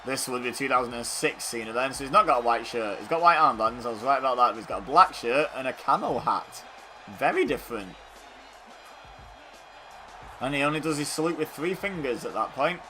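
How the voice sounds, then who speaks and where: A man's voice: medium pitch, expressive, brisk, pushed and bright, faint music behind. A man casually commentating a wrestling video game, chatty and rambling, joking at his own expense. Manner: chatty, self-deprecating, rambling with fillers. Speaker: gaming YouTuber.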